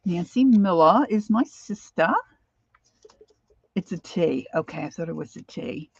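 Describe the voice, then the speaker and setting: A woman's voice: fairly low pitch, lively intonation, unhurried, vocal fry, pauses often, darkish tone, slightly rough, dry recording, lo-fi sound. An older woman hosting a crafting livestream, chatting casually and greeting viewers by name as she works.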